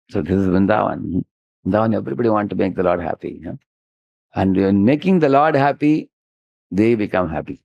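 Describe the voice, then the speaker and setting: Gravelly Indian English storytelling preacher. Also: male voice, fairly low pitch, moderate pace, pauses often, no echo, muffled recording. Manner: animated storytelling, frequent "huh?" prompts. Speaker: spiritual teacher giving a lecture. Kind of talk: devotional sermon with storytelling.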